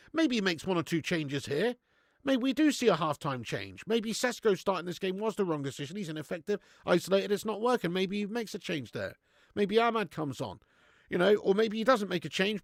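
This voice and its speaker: A man's voice: high-pitched, no echo, studio quality. A man hosting a live football watch-along, reading out viewer chat and ranting bluntly with plenty of swearing. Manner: reads out viewer chat messages.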